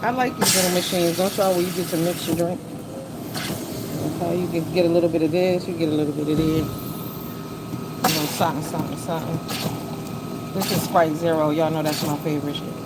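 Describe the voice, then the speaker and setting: A woman's voice: low-pitched, steady tone, fairly quick, long pauses. Chatty, blunt woman streaming from a car. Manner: blunt, profane, chatty, greets viewers by name. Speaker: livestream host. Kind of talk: casual live-stream chat. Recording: car noise in background.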